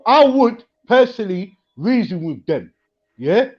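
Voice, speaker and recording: Man, debate guest, halting, repeats himself, high voice, muffled call audio. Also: very animated, husky. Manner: halting, repeats words, builds his points slowly. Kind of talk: heated debate chat.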